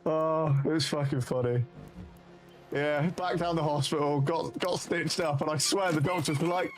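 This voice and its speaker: A man's voice: on the high side, moderate pace, faint music behind. A man with a British accent, a streamer casually telling rambling, sweary anecdotes and laughing at them. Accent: British English. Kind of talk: casual storytelling on a live stream.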